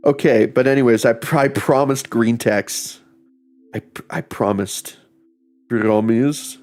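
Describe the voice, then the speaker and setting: A man's voice: mid-range voice, measured pace, a little mellow, soft background music. Laughing, rambling male streamer. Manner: rambling, laughing, swears casually. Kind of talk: casual livestream chat.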